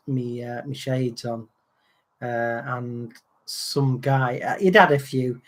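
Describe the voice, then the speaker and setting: A man, co-hosting a relaxed livestream chat and telling anecdotes, acting out other people's lines. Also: mid-range voice. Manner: chatty storyteller, acts out other people's lines. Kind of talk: casual chat.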